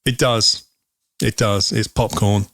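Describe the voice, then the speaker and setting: A man's voice: lowish voice, steady tone, slow, a bit bright, slight background noise. A man co-hosting a whisky show, chatting casually and explaining with lots of ums. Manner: rambling, explaining with many ums. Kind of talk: casual chat.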